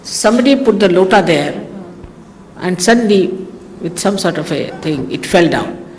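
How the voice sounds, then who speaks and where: A woman's voice: lowish voice, expressive, moderate pace, darkish tone. An Indian woman delivers a spiritual talk in a loose, chatty manner, drifting into teasing stories. Her Indian English accent carries through a long-echoing hall. A faint hiss from the old 1980s recording stays underneath. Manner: anecdotal storytelling, chatty and teasing. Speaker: spiritual teacher.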